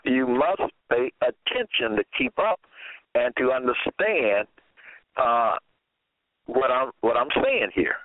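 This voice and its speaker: A man preaching a sermon and reading scripture aloud, slow and deliberate, often repeating phrases. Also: mid-range voice, no room sound. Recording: tinny phone-line audio.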